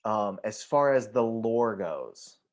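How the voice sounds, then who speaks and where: Here the co-host of a casual film podcast speaks slowly in a lowish voice with lively intonation. His remarks ramble, full of false starts, fillers and easygoing profanity.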